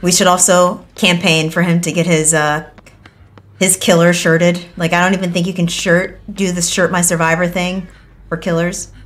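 A young woman streaming a game, excitable and swearing, with bursts of laughter. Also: lowish voice, normal speed. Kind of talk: live game stream commentary.

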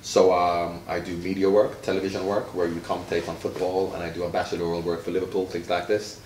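A retired Jamaican footballer in his fifties speaks quickly in a low, darkish voice with little pitch movement. Chatting with a child in a friendly, teaching way, he's playful and quizzing and stretches words to stress them. He's recorded from far away in a roomy space with faint noise behind.

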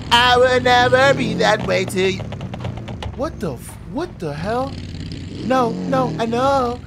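Young man, gameplay commentary, excitable, profane, fairly high voice, game engine noise. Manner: excitable, profane, yelling at other players. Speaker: gaming streamer. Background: car engine and game sounds.

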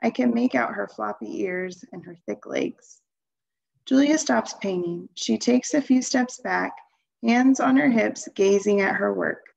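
A woman reading a children's novel aloud in a calm, even storytelling voice. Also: medium pitch, measured pace, vocal fry, muffled recording. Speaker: reader.

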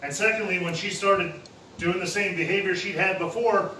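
Casual-talking preacher in a roomy hall. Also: male voice, high voice, fairly even intonation, normal speed, pushed and bright. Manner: plain-spoken, casual preaching with slang. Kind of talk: sermon. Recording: roomy echo, heard from a distance with faint noise.

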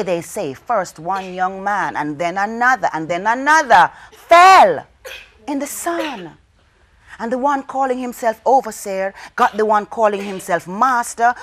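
A woman telling a folk tale to children, dramatic, with call-and-response and hushed whispers. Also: mid-range voice. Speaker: storyteller. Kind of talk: storytelling for children.

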